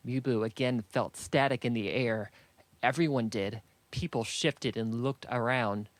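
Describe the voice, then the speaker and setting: Guy reading a fantasy audiobook, steady and even, middle pitch, super dry. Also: no room sound. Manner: steady, measured storytelling. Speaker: audiobook narrator. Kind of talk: scripted fantasy narration.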